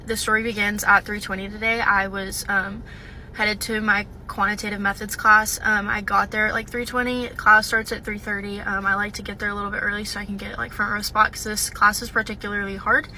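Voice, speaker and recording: Bright-voiced young woman telling a story. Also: medium pitch, little pitch movement, brisk, a little hiss or hum, poor audio. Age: young adult. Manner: hesitant, with frequent "um" and "like". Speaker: university student. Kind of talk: casual storytelling to camera.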